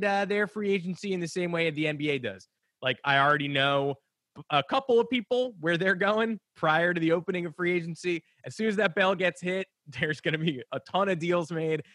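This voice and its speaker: A man's voice: on the high side, pushed and bright, no room sound. A man co-hosting a sports podcast, rambling and joking, with lots of restarts and fillers. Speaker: podcast co-host. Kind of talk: casual sports chat.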